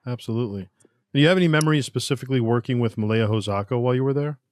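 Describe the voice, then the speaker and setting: A man's voice: mid-range voice, very fast, no echo. A man hosting a podcast, asking easygoing questions and giving short affirmations. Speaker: podcast host. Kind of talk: casual podcast interview.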